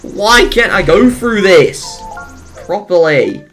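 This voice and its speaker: Excitable gamer with a lively, swooping voice. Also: mid-range voice, takes it slowly, soft background music. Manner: excitable, exclaims and laughs often; rambling jokey asides. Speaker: let's play gamer. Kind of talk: casual gameplay commentary.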